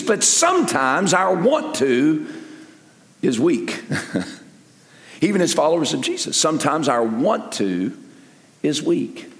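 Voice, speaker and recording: An older pastor delivers a sermon, his somewhat high voice leaping and falling with lively expression. He moves from loud, emphatic peaks to quiet, low asides. The sound carries the long, roomy reverb of a large church hall.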